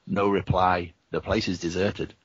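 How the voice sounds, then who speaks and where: A man reading a gamebook aloud to friends as host, steady and offering them the choices. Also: low-pitched, a little slow, breathy edge, no echo, highs cut off. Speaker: reader and host.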